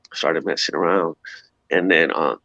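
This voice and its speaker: A man, an interview guest, giving a personal testimony in an animated, slangy storytelling way, acting out sounds as he goes. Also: a bass voice, moderate pace, creaky, no room sound. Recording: dull lo-fi dry sound.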